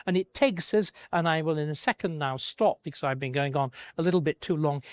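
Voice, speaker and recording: A man's voice: sits high, dry recording. A man giving an unscripted history talk, emphatic and stressing key words, with frequent restarts. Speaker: historian lecturing.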